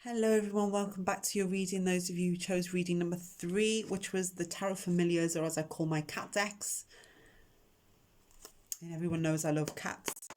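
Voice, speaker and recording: A woman's voice: fairly low pitch, steady tone, moderate pace, a little mellow. Chatty emotional woman reading tarot. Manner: chatty and emotional, talks directly to viewers. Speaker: tarot reader and channel host. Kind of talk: casual tarot reading to camera. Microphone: camera microphone.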